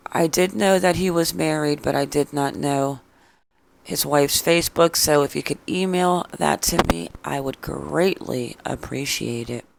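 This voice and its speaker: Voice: medium pitch, a little slow, gravelly, slight background noise. A true crime vlog host reading out viewer comments in casual chat, with blunt, sarcastic replies. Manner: opinionated, chatty.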